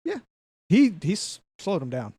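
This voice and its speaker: A man narrating as game master of a tabletop game, lively and often laughing as he describes the action. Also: high voice, measured pace, husky.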